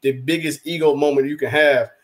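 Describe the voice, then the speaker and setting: Fairly high-voiced sports talk man. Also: brisk. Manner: rambling, animated, acts out quotes. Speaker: podcast co-host, rival team's fan.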